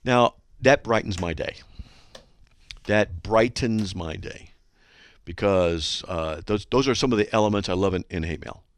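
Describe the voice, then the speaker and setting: A man's voice: on the low side, measured pace, dry recording. A man hosting a radio show, reading listener mail aloud and mocking it sarcastically. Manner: sarcastic, animated, does mocking voices. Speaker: radio host.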